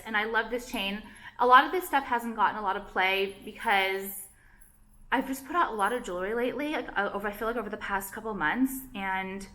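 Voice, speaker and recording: A woman's voice: mid-range voice, bright, forceful tone. A young woman vlogger chatting casually to camera, rambling and anxious, cutting herself off and filling gaps with "like". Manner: rambling, self-interrupting, heavy use of "like", anxious. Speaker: vlogger and jewelry designer.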